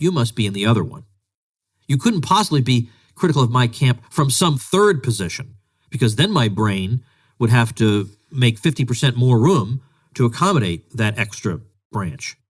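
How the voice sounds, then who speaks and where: A man of middle pitch hosts a one-person commentary podcast. He talks in a sarcastic, exasperated way, mocking what critics say and then pushing his own argument. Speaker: podcast host. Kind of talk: solo commentary monologue.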